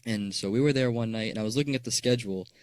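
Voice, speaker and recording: A man's voice: medium pitch, rapid-fire, no echo. A young man hosting an interview, asking friendly, curious questions with an occasional filler. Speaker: podcast host. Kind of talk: casual interview.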